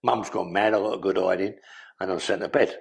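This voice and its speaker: Older london geezer telling stories, gravelly and husky, low voice, swears a lot. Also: male voice, steady tone, fairly quick. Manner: blunt streetwise storytelling, swears freely. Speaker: guest. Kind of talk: storytelling interview.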